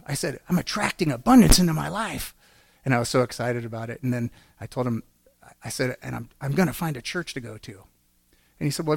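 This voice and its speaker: A man's voice: medium pitch, creaky, dry recording. A man giving an earnest personal testimony in a church, telling his story and acting out quotes. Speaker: church speaker.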